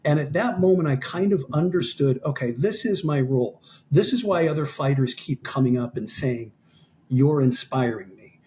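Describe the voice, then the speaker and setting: A man in his fifties, a guest on a podcast, tells a story in an animated way and acts out the dialogue he quotes. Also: a little high, moderate pace, few pauses, slight background noise. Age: 50s. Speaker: podcast guest, amateur fighter. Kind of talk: storytelling in an interview.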